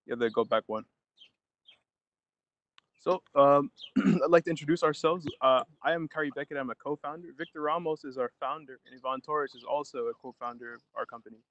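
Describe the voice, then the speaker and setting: A man's voice: a little high, brisk, a bit bright. A young man presenting a student project on a video call from outdoors, speaking hesitantly with many fillers. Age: young adult. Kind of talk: online class presentation. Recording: muffled lo-fi call audio.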